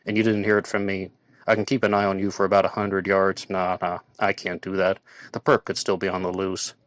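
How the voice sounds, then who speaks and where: A man's voice: sits low, completely flat delivery, brisk, no room sound, clean studio sound. A man voicing a stern, cautious police officer. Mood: firm. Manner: firm instructions, then hushed confiding. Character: tall male police officer, stern but concerned. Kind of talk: audiobook character reading.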